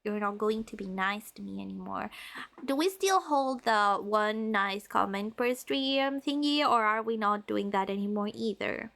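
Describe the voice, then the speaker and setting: A woman's voice: medium pitch, a little slow, gravelly, a bit bright. A young adult woman streaming a story game, chatting playfully and dramatically with her viewers. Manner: playful, dramatic, teasing with chat.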